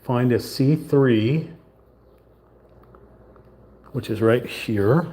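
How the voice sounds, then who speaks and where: A man's voice: mid-range voice, extremely slow, warm tone, breathy edge. A man hosting a livestream, chatting casually as he assembles a wooden model kit and narrates each step to himself. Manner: chatty, self-talking, mild southern lilt at times. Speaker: livestream host building a puzzle kit. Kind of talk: casual hands-on build narration.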